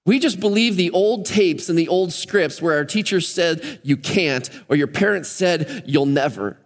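A man with a high, bright voice preaching a lively sermon. He slips into the voices of the people in the scripture as he tells their stories. His words ring out with a long reverb through a church hall. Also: unhurried, few pauses. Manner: animated, acts out scripture voices. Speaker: pastor. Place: church sanctuary.

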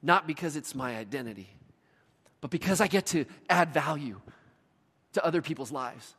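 A man's voice: a little high, lively intonation, moderate pace, fairly bright tone, husky. A middle-aged man preaching a sermon as pastor, telling stories with voiced asides. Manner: storytelling with voiced asides and laughs. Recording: long reverb of a large hall.

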